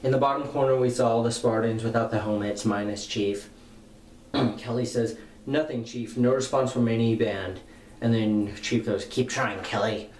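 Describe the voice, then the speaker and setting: A young man with a middle-pitched voice rambles casually through a comic recap, full of "uh"s and loose paraphrased dialogue. He sounds like he's in an echoey room, with a faint hum of ambience underneath. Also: fairly even intonation, normal speed, a little mellow. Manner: loose, rambling retelling with many fillers. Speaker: comic book reviewer. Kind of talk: casual spoken review.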